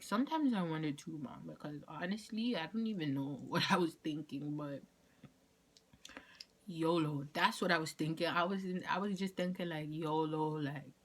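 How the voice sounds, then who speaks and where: A young woman telling a casual storytime vlog, acting out quoted lines with whispers and laughter. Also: low voice. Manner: animated, acts out quotes, frequent laughs and whispers. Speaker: vlogger.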